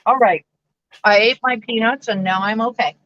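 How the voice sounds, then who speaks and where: A woman's voice: fairly high pitch, normal speed, fairly bright tone, no room sound, highs cut off. A woman co-hosting a casual crafting livestream, playful and giggly as she chats and reads comments. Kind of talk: casual chat while crafting.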